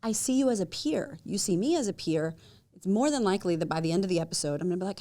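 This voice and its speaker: A woman talking as a guest in a casual podcast conversation. She tells her stories with energy, acts out what people said by jumping up in pitch, laughs often, and swears casually. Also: quick pace. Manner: animated storyteller who acts out quotes with big jumps up in pitch.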